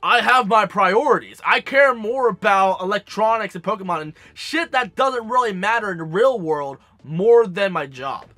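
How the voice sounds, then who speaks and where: High, bright-voiced sassy young man. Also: moderate pace, hardly any pauses, dry recording, faint music behind. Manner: animated, sassy, swears freely. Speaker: gaming vlogger. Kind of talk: casual storytelling to camera.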